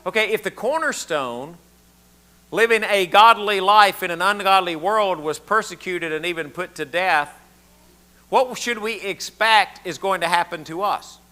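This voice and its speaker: A man's voice: high voice, unhurried, sharp tone. An older man from the southern United States with a Southern accent, preaching a conversational sermon and asking the congregation questions. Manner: folksy, asks the room questions, repeats words often. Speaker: pastor.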